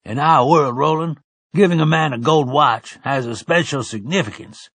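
A man's voice: a little high, moderate pace, a bit bright, slightly rough, dry recording, voice pushed up. A man voicing a kindly old man who speaks in a raised, earnest way.

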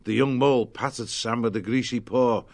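A man narrating a children's storybook in a lively, expressive way. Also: medium pitch, normal speed.

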